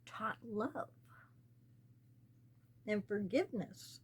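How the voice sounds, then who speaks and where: A woman from the United States, talking slowly and earnestly as host of her own small channel, pleading with her listeners. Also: mid-range voice, animated, breathy edge. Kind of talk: personal spoken commentary.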